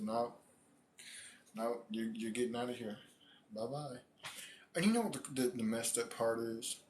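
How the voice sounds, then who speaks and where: A man giving casual, animated commentary, talking in slang and repeating phrases for emphasis. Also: medium pitch, slight background noise. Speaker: commentary streamer.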